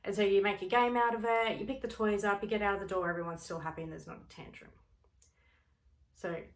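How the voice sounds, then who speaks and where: A woman's voice: medium pitch, brisk. A woman who is a parent and works with clients, giving a motivational teaching talk and acting out everyday scenes as she explains. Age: adult parent. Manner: expressive, acts out everyday scenes. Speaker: speaker on personal growth, works with clients.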